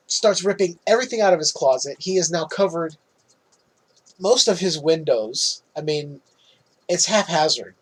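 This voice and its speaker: A man with a slightly high, husky voice talks through a movie plot as a podcast co-host. His delivery is loose and casual, with swearing and frequent laughter. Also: poor audio.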